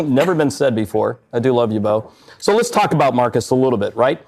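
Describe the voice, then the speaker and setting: A man's voice: medium pitch, lively intonation, brisk, vocal fry, crowd noise. A man hosting a live stage show in front of an audience, upbeat and joking. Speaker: podcast host. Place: event space with live audience. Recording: muffled live recording.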